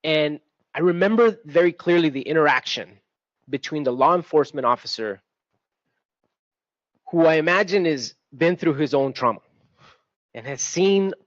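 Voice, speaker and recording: A man's voice: on the high side, no room sound. Man, middle-aged, earnest panel speaker, dry dull lo-fi sound. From Texas. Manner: earnest, reflective, with restarts and repeated phrases. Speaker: school administrator, panelist. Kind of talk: panel talk, personal testimony. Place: event venue.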